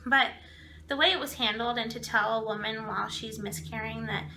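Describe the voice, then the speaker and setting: A woman's voice: a little high, steady tone, a little fast, bright, forceful tone, a little hiss or hum. A woman in her twenties telling a personal story to camera in a chatty way, full of filler words and acted-out quotes. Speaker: vlogger.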